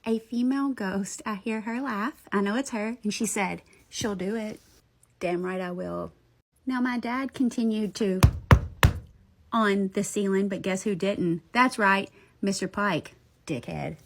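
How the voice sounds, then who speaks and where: A young woman, telling her own ghost stories in a blunt, animated, casual way and swearing freely. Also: medium pitch, a little slow, noisy background. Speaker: paranormal storyteller. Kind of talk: casual storytelling.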